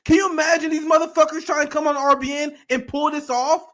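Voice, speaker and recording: A man hosting a political commentary show, heated and profane, reacting with outrage and bursts of shouting. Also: extremely high pitch, steady tone, fast. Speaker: show host.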